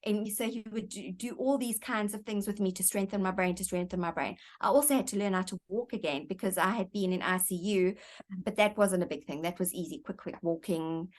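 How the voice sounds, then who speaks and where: Woman, interview guest, earnest, reflective storytelling, repeats words as she thinks, mid-pitched voice. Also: fairly quick, darkish tone.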